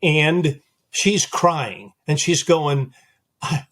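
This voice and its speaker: A man's voice: on the high side, lively intonation, measured pace. A man hosting a psychology podcast, telling a counseling story animatedly, repeating phrases for emphasis. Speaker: psychologist host. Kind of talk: conversational podcast interview.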